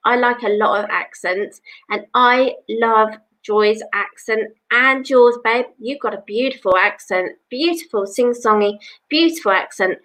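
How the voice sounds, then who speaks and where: A woman from England with a fairly high voice hosts a psychic live stream from her home. She chats with viewers in a rambling way and keeps saying "you know.". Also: fairly bright tone, rough recording. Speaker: psychic reader.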